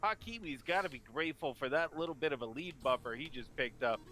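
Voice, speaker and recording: A man giving eager play-by-play commentary on a video game race, rising in excitement at each crash. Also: a little high, fast talker, soft background music.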